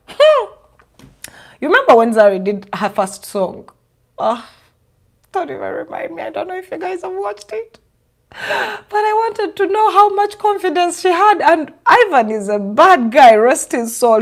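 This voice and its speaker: Animated sarcastic woman vlogger. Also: high-pitched. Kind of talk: sarcastic casual commentary.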